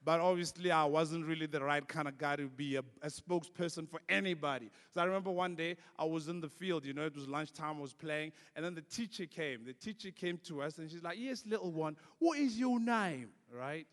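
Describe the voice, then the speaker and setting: Young south african man, a comedian on stage, fairly high voice, long hall echo. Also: fairly quick, hardly any pauses. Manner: animated storytelling that acts out voices. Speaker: stand-up comedian. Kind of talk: stand-up comedy. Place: large conference hall.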